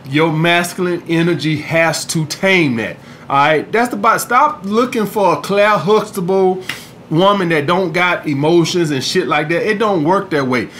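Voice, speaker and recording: A man's voice: high voice, measured pace, fairly bright tone, a little hiss or hum. A man hosting a podcast in a casual, profane monologue, peppering his talk with "all right?". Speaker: podcast host.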